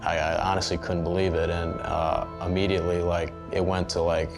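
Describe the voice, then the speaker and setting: Brief: young male athlete, very low monotone voice, halting speech, guitar music beneath. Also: gravelly. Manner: halting, repeats himself, many fillers. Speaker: professional baseball player. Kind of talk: documentary interview.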